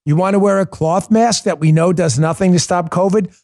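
A man's voice: high-pitched, a little fast, dark tone. A man hosting a political podcast, delivering a combative, mocking monologue.

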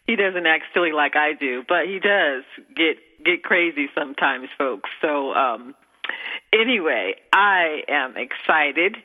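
A woman hosting an internet radio show in casual chat, bubbly and rambling, with many fillers and restarts. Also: deep voice. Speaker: radio show host and minister. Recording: phone-line audio.

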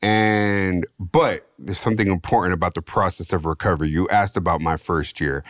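A man's voice: low voice, normal speed, no room sound, studio quality. Chicano-accented man telling his story. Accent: Chicano English. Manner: streetwise slang, animated storytelling, mimics voices. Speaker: podcast guest, author. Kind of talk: casual storytelling interview.

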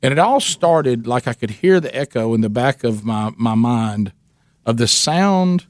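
A man's voice: mid-range voice, lively intonation, measured pace, no room sound, studio quality. Man telling a rambling story. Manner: rambling, laughing, self-mocking storyteller. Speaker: radio show host. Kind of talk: storytelling on talk radio.

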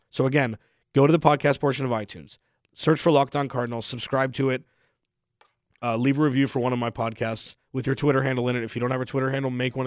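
A man's voice: medium pitch, no echo, clean studio sound. A young adult man hosting a sports podcast, talking casually with a sore throat, rambling and trailing off at the ends of phrases. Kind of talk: casual solo podcast talk.

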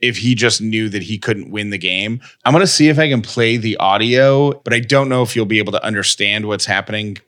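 A man's voice: lowish voice, a little fast, hardly any pauses, a bit bright. A man co-hosting a podcast, chatting casually and reading an ad in an upbeat, conversational way. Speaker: podcast co-host. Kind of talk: casual chat and read ad.

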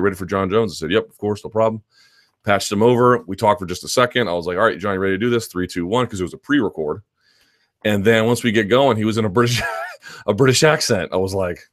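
A man's voice: lowish voice, no room sound, clean studio sound. A man hosting a live chat stream, answering viewer questions in a loose, rambling conversational way with restarts and asides.

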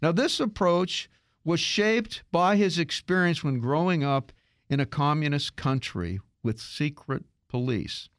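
A man hosting a radio tech show, telling a story in a lively, casual way with many restarts. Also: on the high side, a little slow, no echo, clean studio sound. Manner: animated storytelling with frequent restarts.

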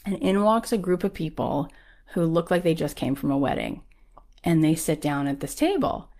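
Sitting low, with a darkish tone, this woman's expressive voice moves at normal speed as she chats casually through a personal story as a guest. "Like" comes up constantly, and she acts out anyone she quotes.

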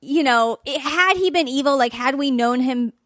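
A woman from a podcast's production team, talking in lively casual chat with stammered restarts. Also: high voice, normal speed, dry recording, studio quality.

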